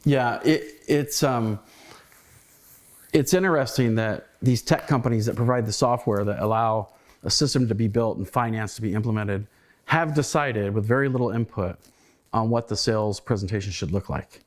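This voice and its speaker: A man's voice: lowish voice, moderate pace. A middle-aged man hosting a podcast, telling stories in a casual, reflective way with frequent restarts. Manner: conversational, restarts words, reflective storytelling. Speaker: podcast host, former colleague.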